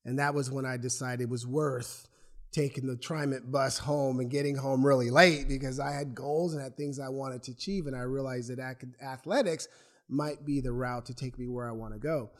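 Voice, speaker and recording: A man's voice: medium pitch, moderate pace. A man from Portland, Oregon, a former athlete, telling his own stories in an interview and acting out what others said. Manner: animated, acts out voices in his stories. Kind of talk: storytelling in an interview.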